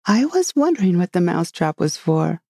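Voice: medium pitch, very animated, moderate pace, gravelly, darkish tone, no room sound, clean studio sound. A storybook reader voicing a polite, curious young girl who asks earnest questions in a raised voice.

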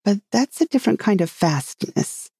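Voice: medium pitch, animated, moderate pace, gravelly, warm tone, husky, no echo, studio quality, pitched above the performer's own voice. A reader voicing a polite, curious young girl in a storybook reading, raising the voice for her exclaiming lines.

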